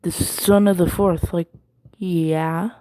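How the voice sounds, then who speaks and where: A woman's voice: lowish voice, fairly even intonation, slow, mellow, no echo, poor audio. A woman quoting a suspicious young male ninja who questions with doubt.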